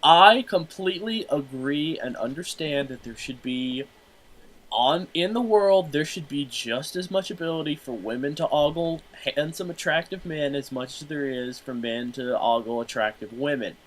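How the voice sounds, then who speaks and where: A tired man who has just woken up, rambling and animated in a casual podcast chat, breaking into little tunes. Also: a little high, normal speed, rough recording. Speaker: podcast co-host.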